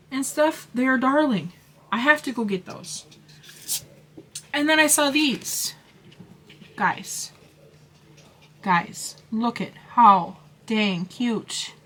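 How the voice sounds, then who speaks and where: A woman's voice: high voice, a bit bright, breathy edge. A woman craft vlogger chatting casually about her haul, gushing and rambling with lots of fillers and restarts.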